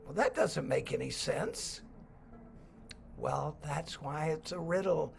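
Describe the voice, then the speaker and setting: Brief: an animated man telling children's stories with a raspy edge and faint music behind. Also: a little high, slow. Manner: animated, acts out voices. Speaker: storyteller. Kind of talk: storytelling talk.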